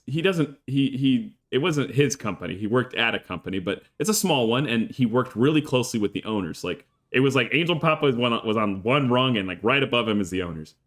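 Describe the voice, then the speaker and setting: A man streaming a game, chatting casually with an animated, rambling storytelling manner. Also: medium pitch. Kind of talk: casual chat while playing a game. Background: faint game music.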